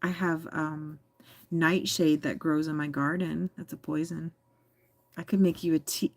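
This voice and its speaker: American woman streamer, low voice, giggly, teasing, dry close sound, casual chat. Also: little pitch movement, unhurried, no echo. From United States. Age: adult. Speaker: livestream host reading chat.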